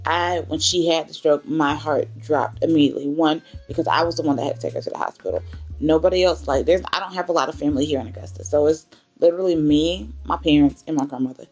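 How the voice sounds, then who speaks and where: A woman in her twenties with a low voice and a gravelly, fry-tinged edge tells a personal story for her faith vlog. She talks in a candid, emotional way, and soft music plays faintly behind her. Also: brisk. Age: 20s. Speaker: vlogger.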